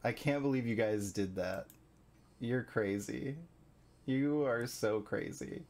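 A young adult man streaming a live reaction, emotional and quick to laugh and swear. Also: mid-range voice, a little mellow.

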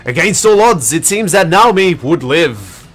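A man's voice: fairly high pitch, very animated, measured pace, fairly bright tone, breathy edge, faint music behind. A man hosting a game stream, narrating a visual novel with sarcastic jokey asides. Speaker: host reading a visual novel. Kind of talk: comedic let's-play narration.

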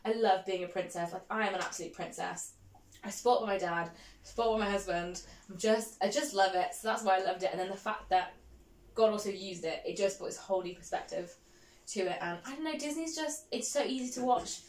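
A woman's voice: mid-range voice, fairly quick, a little mellow, echoey room. A woman from the Black Country with a Black Country accent, a podcast guest in casual chat, bubbly and laughing often as she tells stories with feeling. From Black Country, England.

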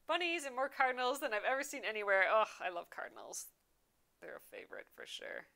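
A woman's voice: fairly high pitch, huge pitch swings, a little fast, gravelly, sharp tone. A young adult woman hosting a casual craft livestream, chatting and reading viewer comments aloud with frequent laughs. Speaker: embroidery livestream host.

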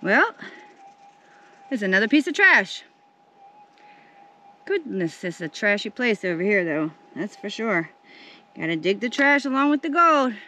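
A woman's voice: medium pitch, unhurried, long pauses. A woman, chatting to viewers while prospecting outdoors in the desert, with the camera set down nearby. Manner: chatty, addresses viewers as y'all, squeals with excitement. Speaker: gold prospecting vlogger. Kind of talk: casual vlog narration.

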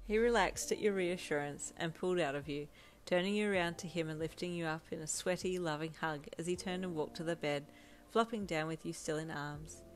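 A woman narrating a second-person fan audio story in a steady, intimate reading style. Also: fairly low pitch, a little fast. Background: soft lo-fi piano backing music.

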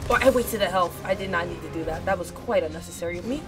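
Excitable woman streamer yelling at a game. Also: lowish voice. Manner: excitable, yells at the game, repeats phrases rapidly. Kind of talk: live gameplay commentary. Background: game music.

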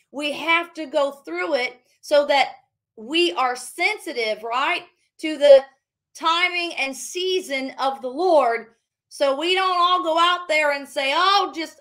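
A woman preaching on a livestream with a high, bright voice. She talks fervently, repeating phrases as she decrees over her listeners. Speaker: prophetic minister.

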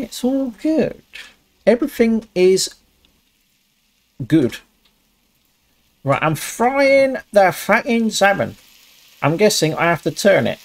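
A man commentating a cooking game, swearing a lot and talking himself through each task. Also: creaky. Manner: yelps high when things go wrong. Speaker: gaming channel host. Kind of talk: casual gameplay commentary.

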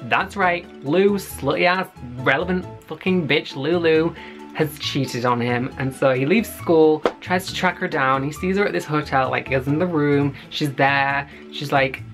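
A man's voice: a little high, measured pace, music in the background. A man giving a casual, profane recap of a web series and acting out the characters' lines.

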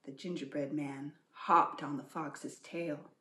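A woman librarian reading aloud at a preschool storytime, animated, gently asking children questions. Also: mid-range voice, measured pace, hardly any pauses. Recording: echoey room.

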